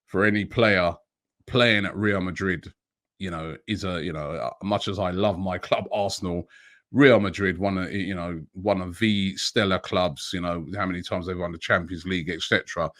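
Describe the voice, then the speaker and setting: Chatty middle-aged man with a lowish voice. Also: fairly even intonation, normal speed, a bit bright. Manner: chatty, thinks aloud with rhetorical questions and many "you know"s. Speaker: host of a daily football transfer news show. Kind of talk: solo transfer news talk to camera.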